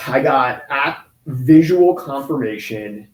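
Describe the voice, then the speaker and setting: A man in his forties telling a painful personal story in an interview, halting and restarting often. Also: mid-range voice, lively intonation. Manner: halting, with many restarts and pauses. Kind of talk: emotional personal account in an interview. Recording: roomy echo.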